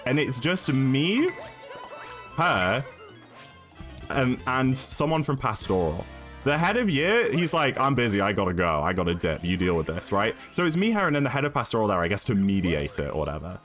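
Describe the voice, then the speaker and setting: A young man with an English accent, chatting and storytelling casually as a streamer, rambling along with lots of fillers and tags like "right?". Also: mid-range voice. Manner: animated, rambling, filler-heavy with frequent "right?".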